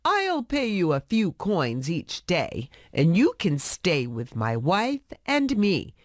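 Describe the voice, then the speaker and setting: A woman doing a kindly, gentle bookseller. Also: on the low side, wildly swooping pitch, slow, dry recording, studio quality, heavily acted. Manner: gentle and reassuring. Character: kindly respected male bookseller, calm and generous.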